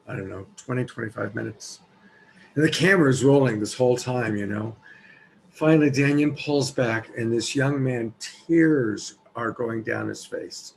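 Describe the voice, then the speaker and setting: Gravelly-voiced man telling a story. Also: medium pitch, a little hiss or hum, poor audio. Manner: reflective and conversational. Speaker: show host. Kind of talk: storytelling chat.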